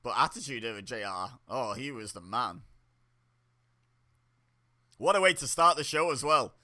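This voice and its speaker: A man's voice: mid-range voice, lively intonation, moderate pace, bright, forceful tone. A young man giving casual, chatty commentary while watching a wrestling show, reacting aloud with laughs and exclamations. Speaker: wrestling watch-along host.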